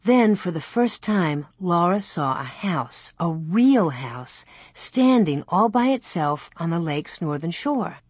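An audiobook narrator reading a story in a slow, measured storytelling manner into a close studio mic. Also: mid-range voice, sing-song, breathy edge, no echo. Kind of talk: scripted narration.

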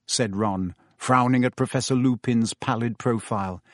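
A man works as an audiobook narrator, reading a scripted story in a measured storytelling voice. His pitch is medium, and the studio-quality recording has no room sound.

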